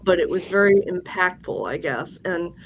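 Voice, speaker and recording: A woman's voice: on the low side, big pitch swings, normal speed, gravelly, slight background noise, rough recording. A woman guest on an interview show, telling a personal story in a candid, rambling way with fillers and restarts. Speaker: guest psychic medium.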